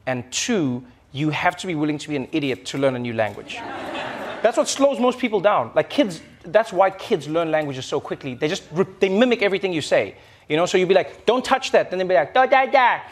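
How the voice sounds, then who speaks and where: A man, a comedian host, answering audience questions in casual chat, animated and laughing with quick asides. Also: fairly high pitch, a little hiss or hum.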